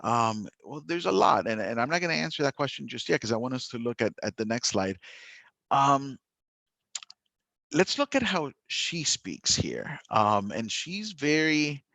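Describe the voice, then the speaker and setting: A man teaching a literature lesson, talking in a lively, chatty way with frequent laughter and restarts. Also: mid-range voice, a little slow, creaky, no echo. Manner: animated, chatty, laughs often, many restarts. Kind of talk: recorded classroom lesson.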